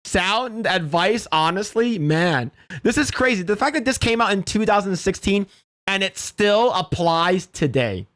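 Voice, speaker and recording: A man's voice: high voice, animated, normal speed, fairly bright tone, no room sound, clean studio sound. A man hosting a podcast livestream in casual, blunt, rambling commentary, laughing now and then. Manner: blunt, rambling, laughs at his own jokes.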